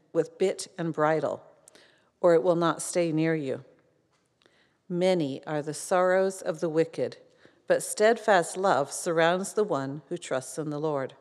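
Lady reading a psalm real slow, lowish voice, big church echo. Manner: slow and measured. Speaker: scripture reader. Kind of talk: reading scripture aloud. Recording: long church reverb.

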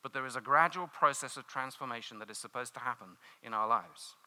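A man's voice: mid-range voice, brisk, pushed and bright. A man preaching a sermon, earnest and emphatic, telling a story with dramatic flair and repeated phrases.

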